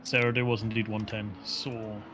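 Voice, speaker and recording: A man's voice: lowish voice, flat delivery, moderate pace. A man co-commentating an online sim race, dry and jokey, often chiming in with short agreements. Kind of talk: casual live race commentary. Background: racing car engine noise.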